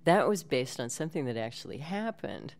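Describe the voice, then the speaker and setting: A woman's voice: very deep voice, sing-song, brisk, a little mellow. A woman guest in a casual podcast interview, telling stories in a chatty way and laughing often. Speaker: actress and guest.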